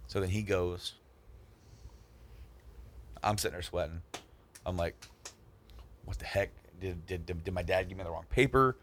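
A man's voice: low voice, moderate pace, pauses often, slight background noise. A man telling a story in casual chat with friends, acting out the other people in it and often repeating himself. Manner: animated, acts out the other people in his story; repeats words and restarts a lot.

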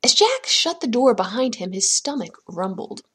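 A woman's voice: on the high side, very animated, normal speed, a bit bright, slightly rough. A woman hosting a podcast, telling a folktale dramatically and dipping into whispers for suspense. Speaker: podcast host and storyteller. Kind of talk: storytelling a folktale.

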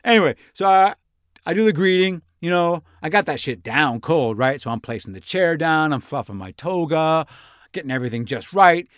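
A man's voice: fairly high pitch, expressive, normal speed, smooth, dry recording, clean studio sound, lightly acted. A man voicing a breathless, rambling young Roman envoy who talks like a slang-heavy, swearing bro. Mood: breathless, excited. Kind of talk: comic reenactment in a podcast.

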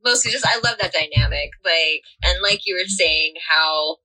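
Young woman podcaster, bright voice, talks in loops and restarts. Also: low-pitched, lively intonation, normal speed, low-quality recording. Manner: rambling, many fillers and restarts. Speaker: podcast co-host. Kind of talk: casual chat about a TV series.

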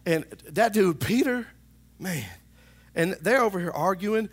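A male pastor preaching a sermon in a church, animated and talking to the congregation, now and then acting out voices. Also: high-pitched, measured pace, husky. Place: church sanctuary.

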